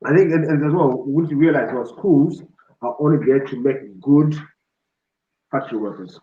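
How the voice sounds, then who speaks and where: A man's voice: a little high, moderate pace. A man in his forties hosting a casual chat, telling stories and acting out what people said. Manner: lively storyteller who acts out quotes. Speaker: show host. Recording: roomy, dull lo-fi sound.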